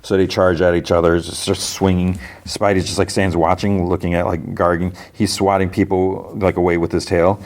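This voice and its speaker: Casting note: podcast host, low voice, loose rambling recap. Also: male voice, little pitch movement, normal speed, hardly any pauses, darkish tone. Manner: rambling, filler-heavy storytelling. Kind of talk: casual episode recap.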